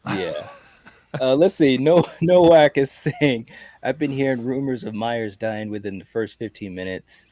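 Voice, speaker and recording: A man co-hosting a casual livestream chat, talking in an animated way with stammering restarts. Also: mid-range voice, measured pace, no echo. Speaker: livestream co-host.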